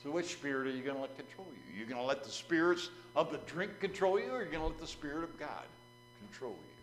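A man's voice: fairly high pitch, big pitch swings, fast talker, fairly bright tone, a little hiss or hum, low-quality recording. A man preaching a sermon in a folksy, storytelling way and putting questions to his listeners.

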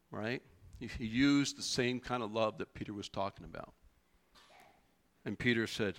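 A man's voice: medium pitch, moderate pace, a bit bright. A male pastor giving a sermon in a church, speaking conversationally and animatedly with many rhetorical questions.

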